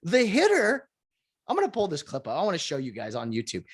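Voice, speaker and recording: Man, video host, casual rant, rambling, self-correcting, lively jumps in pitch. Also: a little fast, husky. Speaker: video host commenting on baseball.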